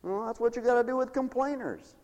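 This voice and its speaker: A man's voice: extremely high pitch, fairly quick, a little mellow, long reverb tail. A man preaching a folksy sermon, acting out the people he quotes.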